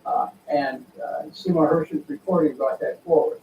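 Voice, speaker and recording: An older man, a former congressman, speaking as a guest in a political interview, deliberate and earnest with many pauses. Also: mid-range voice, vocal fry, a little hiss or hum. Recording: tinny phone-like line, echoey room, from far off.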